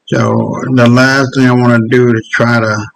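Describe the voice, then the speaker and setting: Male host ranting on his own show, heavy swearing, keeps stopping to find clips, middle-pitched. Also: little pitch movement, moderate pace, creaky, a bit bright, a little hiss or hum, poor audio. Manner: profane, heated, stops often to search clips. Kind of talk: casual rant commentary.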